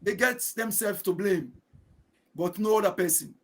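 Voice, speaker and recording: A man's voice: high voice, normal speed, fairly bright tone. A man with a Sierra Leonean Krio-English accent, a guest on a political show, speaking in an emphatic, oratorical way and using proverbs. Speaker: guest commentator.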